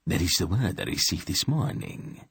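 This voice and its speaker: A man playing a thin, calm spymaster who reports in a polite, even way. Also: deep voice, normal speed, vocal fry, husky, no echo, clean studio sound, full character voice.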